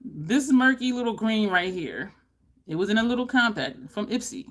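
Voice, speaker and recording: A woman beauty vlogger chatting to camera, animated and laughing often, with high exclaimed reactions. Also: normal speed. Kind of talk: casual chat to camera.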